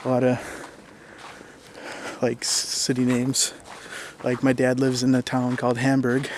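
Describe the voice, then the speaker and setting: A young man with a Minnesotan accent, talking casually to his viewers in a relaxed, rambling way with plenty of fillers. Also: mid-range voice, measured pace, a little hiss or hum. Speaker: YouTuber. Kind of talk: casual talk to camera.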